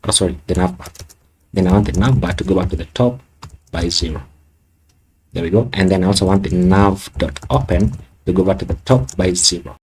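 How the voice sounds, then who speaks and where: Coding tutor, male, low voice, casual think-aloud delivery, faint typing behind. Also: a little hiss or hum. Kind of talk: screen-recorded coding walkthrough.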